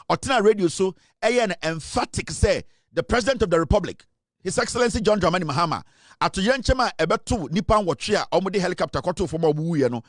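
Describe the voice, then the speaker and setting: A man with a Ghanaian accent giving a forceful political commentary monologue, switching between English and Twi. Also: sits high, no echo, studio quality.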